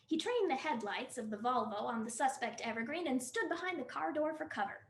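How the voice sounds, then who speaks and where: A woman reading a comic novel aloud in an animated storytelling voice. Her voice is high and rises and falls freely. The recording has a roomy echo. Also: a little fast. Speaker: library staff reader.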